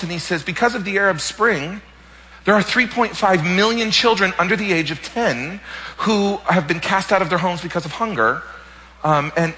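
A man preaching as a pastor, telling a personal story in an animated way and often repeating words. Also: high voice, big-room sound, low-quality recording. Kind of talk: sermon testimony storytelling.

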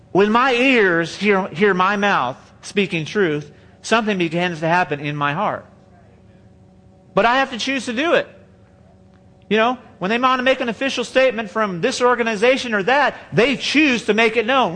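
Man, high voice, preacher, emphatic sermon, reads scripture, conversational. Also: expressive, moderate pace, pushed and bright. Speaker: pastor.

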